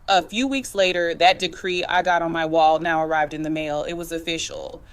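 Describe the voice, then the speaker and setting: A woman's voice: low voice, steady tone, moderate pace, clear, resonant tone. A woman telling a personal family story in a casual, conversational way, with slang like "chile" and "girl" and a dialect flavor. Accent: African American English.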